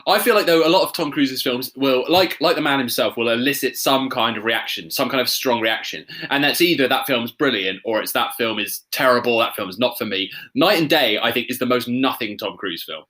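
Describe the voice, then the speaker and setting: A man co-hosting a casual film podcast, with dry, sarcastic asides. His voice is bright and tense, with a mid-range pitch. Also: fairly quick, hardly any pauses. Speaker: podcast co-host.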